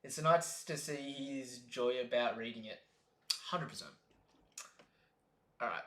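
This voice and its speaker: A man's voice: medium pitch, a little slow, long pauses, sharp tone, roomy sound. A man streaming a live reaction, chatting casually and reading comic panels aloud in exaggerated voices.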